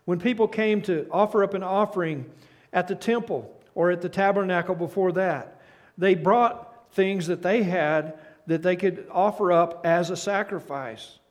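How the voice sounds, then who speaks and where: An older man preaches with a voice pitched a little high for a man. He talks earnestly, often stumbles and restarts, and sinks into quiet, hushed phrases when he stresses a point. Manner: earnest, with frequent restarts and repeated words; reads a story aloud and drops to a soft, hushed tone at key points. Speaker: pastor. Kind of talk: sermon.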